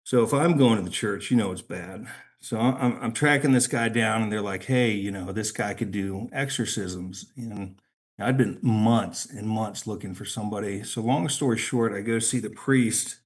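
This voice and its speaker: A middle-aged man, a podcast guest, telling a personal story in a halting, emotional way, often repeating words. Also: on the low side, husky.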